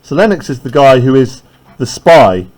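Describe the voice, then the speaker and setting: Male teacher, classroom lesson, animated pitch, chatty check-ins. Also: normal speed, poor audio. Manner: conversational, keeps checking with "right?".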